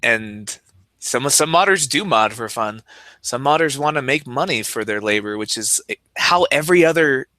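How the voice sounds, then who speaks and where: A man co-hosting a casual podcast, throwing in quick opinionated quips and laughing often. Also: mid-range voice, lively intonation, pushed and bright, no echo. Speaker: podcast co-host. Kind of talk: casual chat.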